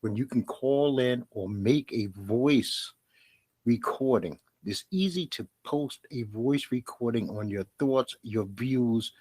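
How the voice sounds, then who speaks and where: A man's voice: mid-range voice, no echo. A middle-aged man with a Brooklyn New York accent, hosting a solo podcast monologue in a blunt, emphatic way, hammering his points home by repeating them. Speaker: podcast host.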